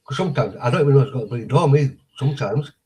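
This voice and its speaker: A man's voice: mid-range voice, lively intonation, very fast, a crowd in the background, low-quality recording. A man in casual chat, telling blunt stories, acting out exchanges and swearing.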